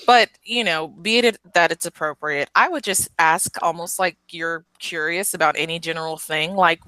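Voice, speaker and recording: A woman from the Southern United States, a podcast guest chatting casually, rambling and hesitant and quick to laugh. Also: on the low side, pushed and bright, dry recording. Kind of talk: casual interview chat.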